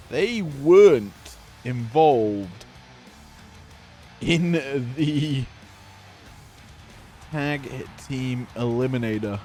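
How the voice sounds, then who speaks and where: A man's voice: medium pitch, darkish tone. A man doing casual play-by-play commentary, full of joking, offhand asides.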